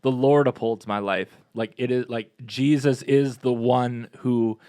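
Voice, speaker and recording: A man's voice: mid-range voice, fairly even intonation, dark tone, smooth, no echo. Upbeat male parish podcast co-host, casual chatter, dry close sound. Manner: chatty and upbeat, quick asides. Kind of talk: casual chat.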